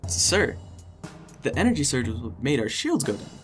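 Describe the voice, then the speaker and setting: Audio drama: a man as a stammering young servant, animated, faint music under. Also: medium pitch, moderate pace. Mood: nervous. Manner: stammering, hesitant. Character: nervous young male servant, eager.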